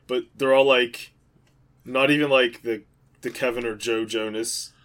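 A man's voice: mid-range voice, fairly even intonation, measured pace, a bit bright. A man co-hosting a podcast, telling rambling jokey stories in casual chat with lots of fillers. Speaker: podcast co-host.

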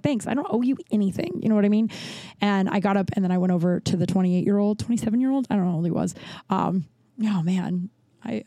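A woman hosts a solo podcast in casual, rambling chat and tells stories in a blunt, profane way. Her voice is mellow and soft-edged, and it sits close and dry on the mic with no room sound. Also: medium pitch, no room sound. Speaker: podcast host.

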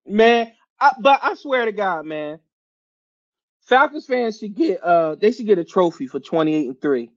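High-voiced man ranting about football. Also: a little slow, dry recording, dull audio. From Philadelphia area. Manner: animated, laughing, slangy and profane. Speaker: podcast host. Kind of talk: casual sports rant.

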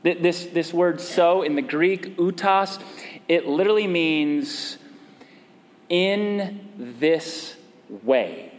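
A man's voice: on the high side, takes it slowly, big-room sound. A male pastor preaching a conversational sermon and prompting the congregation to respond. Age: adult parent.

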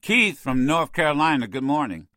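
A man's voice: on the high side, very animated, normal speed, sharp tone, dry recording. A man hosting a call-in radio talk show, blunt and emphatic, often restarting his sentences as he thinks, speaking into a studio mic.

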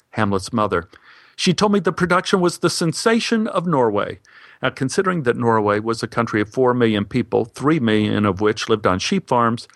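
A man narrating a funny personal story with wry, deadpan timing. His voice sits at an ordinary pitch, and the recording is dry and close, with no room echo. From United States. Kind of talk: comic storytelling monologue.

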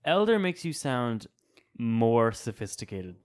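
A man's voice: mid-range voice, very animated, a little slow, smooth. A young man hosting a podcast, joking, teasing and laughing often in casual chat. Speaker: podcast host. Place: small studio booth.

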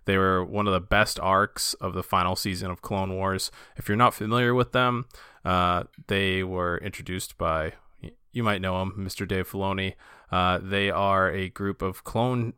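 A man's voice: sits low, fairly even intonation, normal speed, bright, forceful tone, smooth, no room sound, clean studio sound. A man co-hosting a casual fan podcast, enthusiastic and loose, with lots of fillers and restarts. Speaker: podcast co-host.

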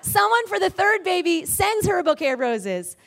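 A woman's voice: very high-pitched, big pitch swings, moderate pace, creaky, fairly bright tone. A woman telling a faith-based story in a casual, rambling way, full of fillers and self-corrections, acting out the quoted voices.

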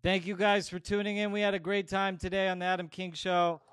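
A man's voice: sits high, little pitch movement, fairly quick, a bit bright, a little hiss or hum. A man hosting a podcast, closing the show with an upbeat, hyped sign-off. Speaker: podcast host.

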